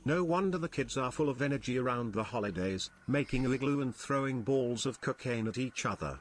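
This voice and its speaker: A man's voice: mid-range voice, animated, fairly quick, slight background noise. Synthetic male chat-reading voice. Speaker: text-to-speech chat reader.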